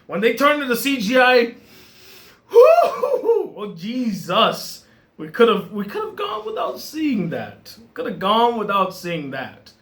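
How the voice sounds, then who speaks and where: A man giving a casual film review in an animated way, often laughing and restarting his sentences. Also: sits high. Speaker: movie reviewer.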